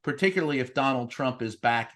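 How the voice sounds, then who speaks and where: A man's voice: medium pitch, lively intonation, fast talker, a bit bright. A man hosting an interview, conversational and joking, with loose, restarting phrasing. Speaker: host.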